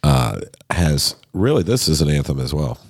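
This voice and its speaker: Dry teasing man with a very deep voice. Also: very animated, normal speed, darkish tone, breathy edge, dry recording. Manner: dry, teasing, talks through music picks. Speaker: podcast co-host. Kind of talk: casual chat.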